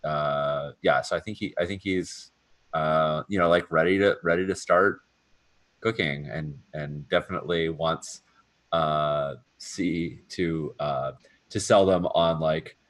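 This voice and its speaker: A man's voice: a bass voice, fairly bright tone, no room sound. A man playing a tabletop role-playing game, thinking aloud with frequent restarts. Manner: halting, restarts often while thinking aloud. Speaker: player.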